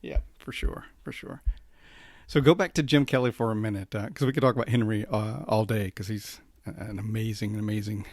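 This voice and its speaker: A man hosting a podcast in relaxed, casual chat, often restarting his sentences. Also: fairly low pitch, fast, hardly any pauses, dry recording, studio quality. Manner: relaxed, conversational, many restarts. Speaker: podcast host.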